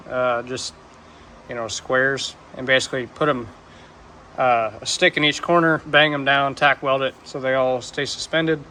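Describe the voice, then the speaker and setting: A man's voice: mid-range voice, sharp tone, a little hiss or hum. A man narrating his own shop project in casual talk, unsure and thinking aloud as he goes, a bit out of breath from the work. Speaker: DIY vlogger. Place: shop or garage.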